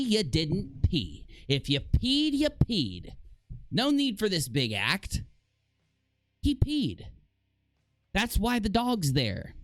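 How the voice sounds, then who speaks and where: A man live streaming, talking casually to his chat with a sarcastic, animated manner and frequent self-mocking laughs. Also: high-pitched, dry recording.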